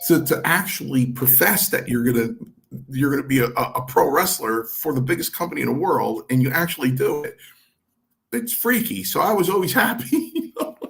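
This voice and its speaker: A man's voice: medium pitch, normal speed, creaky, faint music behind. An older man, a former pro wrestler, telling stories in an interview and animatedly acting out what others said. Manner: animated anecdote-telling, voicing others in quotes. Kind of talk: storytelling in an interview.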